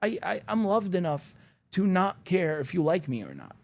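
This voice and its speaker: A man from Syria speaks as an interview guest, sounding a little higher than most men, with a gravelly edge. He talks bluntly and swears freely as he tells his stories in a loose, conversational style. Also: big pitch swings, moderate pace. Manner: blunt, profane storytelling. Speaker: podcast guest, attorney.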